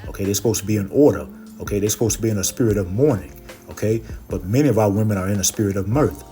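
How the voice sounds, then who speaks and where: A man with a low, mellow voice preaches from scripture over faint music. He keeps dropping "okay" and "you know" between phrases. When he reads a verse, he slows down and leans in. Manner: reads verses slowly and louder. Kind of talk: scripture teaching.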